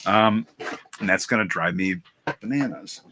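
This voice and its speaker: A man's voice: fairly low pitch, measured pace, noisy background. A man in a casual toy chat, rambling and thinking aloud with many restarts. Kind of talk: casual chat while opening toys.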